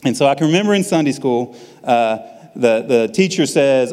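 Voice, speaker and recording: A man's voice: medium pitch, expressive, moderate pace, darkish tone, long reverb tail. A man giving a personal testimony at church, telling a story in a folksy, self-deprecating way.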